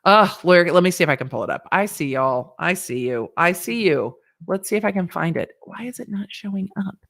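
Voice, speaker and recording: A woman's voice: fairly low pitch, lively intonation, a little fast, creaky, a bit bright. A woman lawyer hosting a casual livestream and chatting with viewers in a rambling, playful way.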